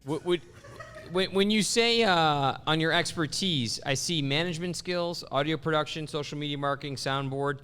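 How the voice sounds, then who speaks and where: A man hosting a comedy podcast, asking mock-serious interview questions in a deadpan way. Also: a little high, moderate pace, clean tone.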